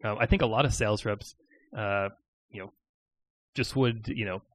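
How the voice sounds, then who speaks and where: A male host in casual interview chat, adding quick, supportive remarks. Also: lowish voice, dry recording.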